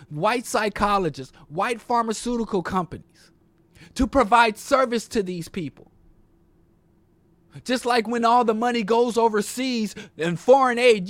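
A man's voice: high voice, a bit bright, no room sound. A man delivering an impassioned, profane political monologue with a preacher-like cadence and rhetorical questions.

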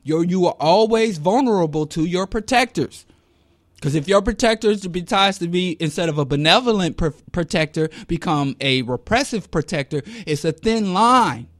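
Man, middle-aged; animated solo commentary with a high-ish voice, recorded close and dry. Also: normal speed, no echo. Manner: animated, swings between loud and muttered. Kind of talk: casual monologue.

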